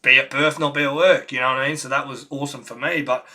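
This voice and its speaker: A young Australian host runs a relaxed interview, backing his guest with steady agreement and joking asides. His voice is mid-pitched and very bright, with a sharp edge. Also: fast. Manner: chatty, frequent agreeing fillers. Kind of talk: casual chat interview.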